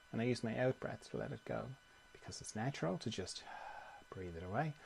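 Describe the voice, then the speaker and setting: A man teaching meditation in a calm, conversational way, often repeating phrases. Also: mid-range voice, creaky. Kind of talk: guided meditation talk.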